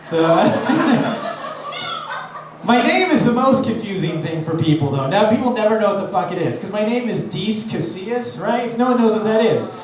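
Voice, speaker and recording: At a live comedy venue, a Los Angeles man performs a brash, profane stand-up set full of self-mocking punchlines. His high voice swings widely in pitch at a moderate pace, and the echoey, distant-mic recording catches the crowd and its laughter.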